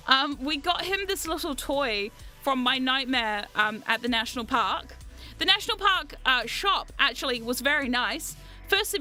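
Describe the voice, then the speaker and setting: A woman vlogger chatting casually, telling animated stories, often laughing and swearing freely. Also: high-pitched. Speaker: VTuber vlogger. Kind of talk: casual storytelling chat.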